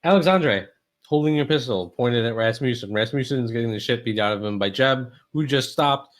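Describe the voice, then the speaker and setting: Casual halting male game master. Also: medium pitch. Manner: halting, filler-heavy, casual. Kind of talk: narrating a tabletop game.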